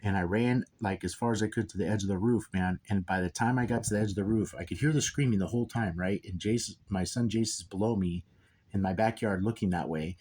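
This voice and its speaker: Man, low-pitched, rambling, emphatic, keeps checking in with the listener. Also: fast, darkish tone. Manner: rambling and emphatic, repeating "okay?" and "dude". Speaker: father telling a personal story. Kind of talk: casual spoken monologue.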